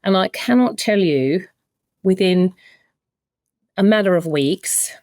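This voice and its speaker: A woman's voice: mid-range voice, lively intonation, slow, darkish tone, no room sound, studio quality. A middle-aged woman, a podcast guest, candidly and emotionally retelling a personal story in conversation. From Australia. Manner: candid, emotional retelling with many quoted exchanges.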